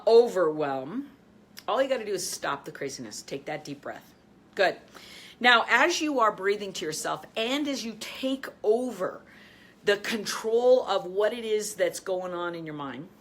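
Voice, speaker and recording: Middle-aged woman, life-business coach hosting her own show; emphatic, upbeat delivery with frequent laughs, softening for guided breathing. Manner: energetic, emphatic, laughs often, drops soft and low when guiding breaths. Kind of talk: motivational talk with guided breathing.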